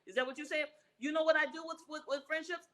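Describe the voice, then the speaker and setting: A woman's voice: sits high, fairly even intonation, fast, a crowd in the background, low-quality recording. A woman relationship expert answering interview questions in an emphatic, preacher-like way, repeating her key phrases.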